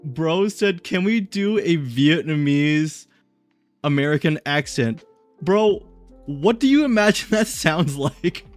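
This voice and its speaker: A man with a fairly high voice hosts a stream in easy, joking chat. He laughs often. Faint music plays underneath. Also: lively intonation, takes it slowly. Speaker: stream host. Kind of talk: casual chat.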